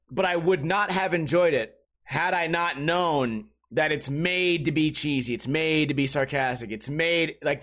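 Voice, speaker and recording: Man, fairly high voice, loose profane podcast rambler. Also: fairly bright tone. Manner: rambling, profane, jokey movie talk. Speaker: podcast host. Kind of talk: casual podcast monologue.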